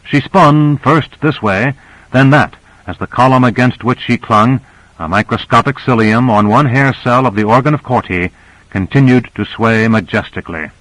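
Steady male audiobook narrator, dry sound. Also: medium pitch, dry recording, low-quality recording. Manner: steady, measured storytelling.

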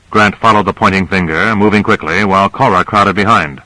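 Bright-voiced male audiobook narrator. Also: deep voice, no room sound, poor audio. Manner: measured storytelling.

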